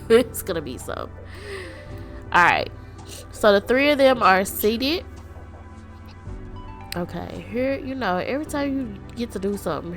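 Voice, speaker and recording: Woman gaming host, casual unhurried commentary with faint music under it, chatty and given to laughing. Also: mid-range voice, gravelly. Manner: chatty, animated, laughs often, speaks to the audience directly. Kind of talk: casual let's-play commentary.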